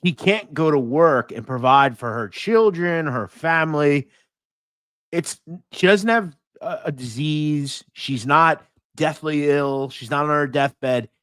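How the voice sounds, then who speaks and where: A man's voice: a little high, slow pace, fairly bright tone, clear, resonant tone, no echo, clean studio sound. A man from the United States hosting a casual livestream podcast, blunt and profane, mocking and reading out viewer donations. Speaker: podcast host.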